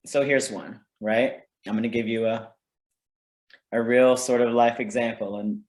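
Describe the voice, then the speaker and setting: A man of middle pitch leads a casual teaching talk for parents, tossing out "right?" to check that the room follows along. His voice carries a roomy echo from the space around him. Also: fairly even intonation, unhurried, darkish tone. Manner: conversational, keeps checking in with "right?". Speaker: parenting workshop presenter.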